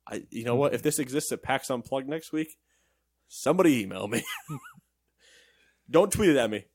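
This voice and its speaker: A man's voice: mid-range voice, no room sound, clean studio sound. A man co-hosting a gaming news show, reading headlines and joking around in casual banter. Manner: joking, animated, quick asides.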